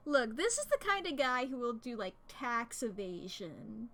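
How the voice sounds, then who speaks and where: A woman's voice: fairly high pitch, very animated, unhurried, a bit bright. A woman streaming a game, chatting to her viewers in a rambling, giggly way, close to a desk microphone. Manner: rambling, giggly, talks to chat. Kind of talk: casual gaming stream commentary.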